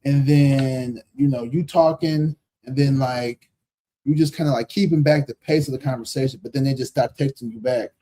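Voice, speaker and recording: A man's voice: mid-range voice, steady tone, moderate pace, dark tone. A man in his thirties giving a live tarot reading in casual, slangy talk, blunt and profane, repeating himself for emphasis and laughing often. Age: 30s. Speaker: tarot reader hosting a live stream.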